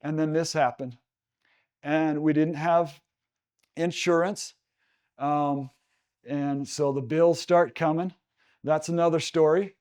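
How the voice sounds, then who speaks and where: A man's voice: fairly high pitch, fairly even intonation, darkish tone. A young adult man from Utah giving a seminar talk, telling a personal story with many fillers and restarts. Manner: halting, many fillers and restarts, gets emotional. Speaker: guest speaker.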